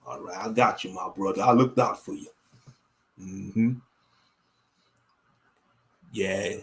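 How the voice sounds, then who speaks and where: A man leading a fervent spoken prayer with a repeated cadence, then talking in loose, animated casual chat as a religious commentator. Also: deep voice, slow pace.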